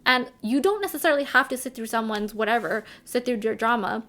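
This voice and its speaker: A woman's voice: on the high side, brisk, fairly bright tone. A young woman giving casual advice to camera in a chatty way, with lots of fillers and restarts. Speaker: vlogger.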